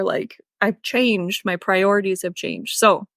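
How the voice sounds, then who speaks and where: A woman's voice: medium pitch, fairly even intonation, slow pace, a bit bright, dry recording, studio quality. A young woman from Indiana who farms, co-hosting a podcast in frank, casual chat and laughing easily. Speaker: podcast co-host, farmer.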